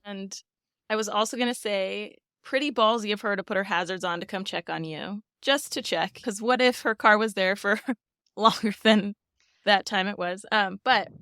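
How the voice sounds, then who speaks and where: A woman's voice: mid-range voice, moderate pace, fairly bright tone, no room sound, studio quality. A woman hosting a podcast, reacting to a guest's story in casual, affirming chat. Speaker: podcast host.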